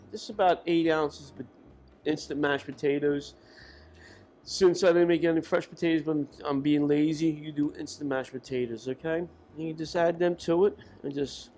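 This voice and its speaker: A man's voice: fairly high pitch, darkish tone, slight background noise. Rambling folksy man cooking. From Irish family. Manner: rambling, self-correcting, folksy. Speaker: cook. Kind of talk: casual cooking demonstration. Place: kitchen.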